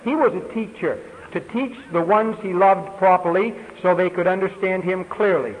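A man reading audience questions aloud to a preacher, slowly and deliberately. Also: sits high, phone-quality sound. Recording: reverberant hall, faint hiss.

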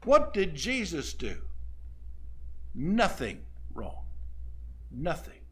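Male pastor, high for a man, folksy sermon storyteller. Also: wildly swooping pitch, extremely slow, breathy edge. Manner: folksy storytelling, asks the audience questions.

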